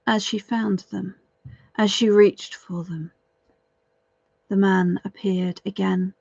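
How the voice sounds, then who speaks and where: A woman's voice: medium pitch, steady tone, slow pace, vocal fry, long pauses, darkish tone, no room sound. A woman storyteller telling a folk tale aloud, dramatic and lingering over repeated phrases. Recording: dull, dry lo-fi recording.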